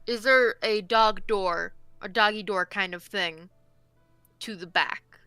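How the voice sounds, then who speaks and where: A woman's voice: medium pitch, takes it slowly, sharp tone, clear, resonant tone, dry recording, soft background music. A woman playing in a tabletop game, chatting casually and describing scenes. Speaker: player.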